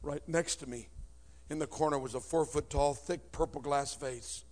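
A man preaching a sermon with personal testimony, swinging from shouting to hushed tones in front of a congregation. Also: fairly high pitch, fairly even intonation, normal speed. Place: before a congregation.

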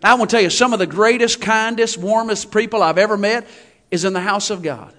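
A man preaching a sermon in a church, folksy and animated, with humorous asides and shouted emphasis. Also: high voice, fairly quick.

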